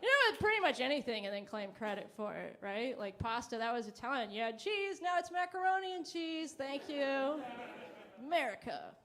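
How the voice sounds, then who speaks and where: High-voiced deadpan woman doing stand-up. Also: moderate pace. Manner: deadpan, self-mocking, acts out quoted exchanges. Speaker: stand-up comedian. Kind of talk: stand-up comedy set. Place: comedy stage. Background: audience laughter.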